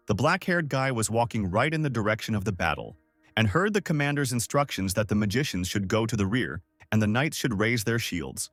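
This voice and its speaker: Man, story recap narration, steady storytelling, animated pitch, dry close voice, faint background music. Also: no echo.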